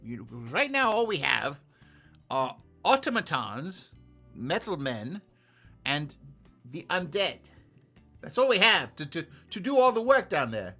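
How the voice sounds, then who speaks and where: A man's voice: on the high side, big pitch swings, measured pace, bright, forceful tone, faint music behind, voice pushed up, exaggerated voice. A man playing a wheedling devil baron. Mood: complaining.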